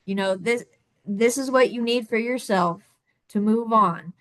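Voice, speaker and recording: A woman in her thirties speaking on a video call, telling her own story in a halting way with many restarts and repeated words. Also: on the high side, a bit bright, no echo. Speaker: summit guest speaker. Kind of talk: candid personal storytelling.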